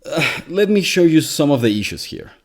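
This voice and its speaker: A man's voice: fairly high pitch, very animated, normal speed. A man whose first language is Spanish, hosting a scripted commentary with a wry, exasperated manner. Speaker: commentary video host.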